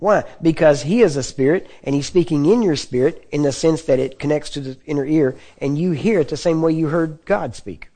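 A man delivering a sermon in an easygoing, conversational way, often asking his listeners whether they follow. His voice sits a touch high for a man yet sounds mellow and dark. He clears his throat now and then between points. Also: fairly quick, hardly any pauses. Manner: conversational teaching with frequent check-ins to the audience. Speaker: preacher.

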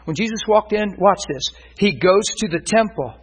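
Male preacher, husky, fairly high voice, lively storytelling sermon, surges up when excited. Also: normal speed.

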